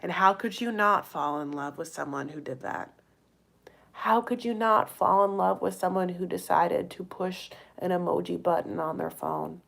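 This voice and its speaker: A woman's voice: on the low side, normal speed, creaky, a bit bright. A woman recapping a reality show in a casual, gossipy chat, full of "like" fillers and playful asides to her viewers. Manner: addresses viewers directly as "you guys" and "honey". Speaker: recap vlogger.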